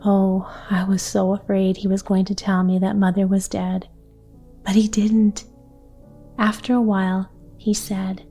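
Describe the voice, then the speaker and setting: A woman doing an eager excitable little girl. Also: medium pitch, natural voice.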